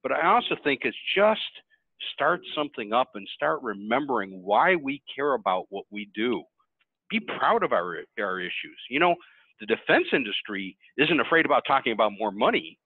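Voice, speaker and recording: A man speaking as a webinar panelist, telling stories in an animated, conversational way over tinny call audio. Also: mid-range voice, moderate pace, breathy edge, dry recording. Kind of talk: webinar storytelling.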